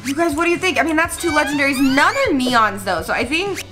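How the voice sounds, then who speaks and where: A woman's voice: high voice, lively intonation, quick pace. A woman hosting a gaming channel, chatting straight to her viewers as she plays, bubbly and prone to squeals and gasps. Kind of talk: excited game-play commentary to viewers. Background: background music.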